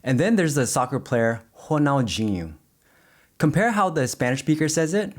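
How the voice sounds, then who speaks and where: A man teaching language pronunciation, speaking slowly and carefully and modeling single words clearly. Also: fairly high pitch, very animated. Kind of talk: explaining pronunciation to the camera.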